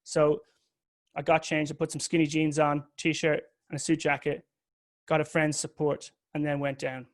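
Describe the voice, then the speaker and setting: A man's voice: a little high, little pitch movement, moderate pace. A man giving a candid, confessional talk that mixes a personal story with occasional swearing. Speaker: public speaker.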